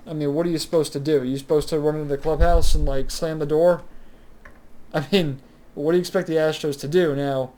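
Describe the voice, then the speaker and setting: A man's voice: on the high side, mellow. A young man talking casually on his own about a recent game, rambling with many fillers and restarts. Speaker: sports recap host. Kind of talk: casual solo sports commentary.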